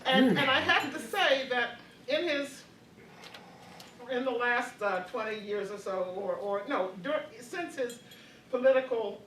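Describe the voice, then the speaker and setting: A woman's voice: on the high side, lively intonation, unhurried, fairly bright tone, reverberant, recorded from a distance, a little hiss or hum, poor audio. An older woman in her eighties, reflecting on her college years as a panelist, hesitant with many fillers and restarts and frequent laughs. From Baltimore. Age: 80s. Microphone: video call.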